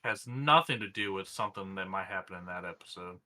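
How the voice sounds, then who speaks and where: Bright, sarcastic male podcast co-host. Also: deep voice, fairly quick. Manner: sarcastic, joking asides. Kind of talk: casual recap chat.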